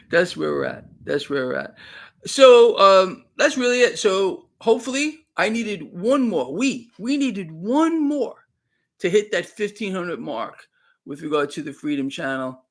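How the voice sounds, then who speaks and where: A man's voice: high-pitched, vocal fry, a bit bright. A man talking fervently on a live stream, emphatic and repeating himself. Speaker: online commentator.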